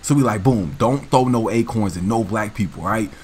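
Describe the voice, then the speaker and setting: A man hosting a gaming channel, telling a story in a casual, animated, slangy way with frequent laughs. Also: on the low side, moderate pace, slightly rough.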